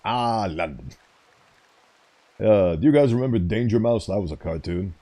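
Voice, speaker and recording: A man's voice: lowish voice, lively intonation, quick pace, dark tone. A man giving casual, rambling commentary over a game, easily sidetracked and reading on-screen text aloud. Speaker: gaming streamer.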